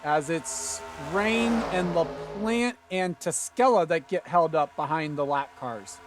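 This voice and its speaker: A man doing play-by-play commentary for an online sim race, getting excited and loud at the big moments. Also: slow, music in the background. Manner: excited, rises to high-pitched calls at big moments.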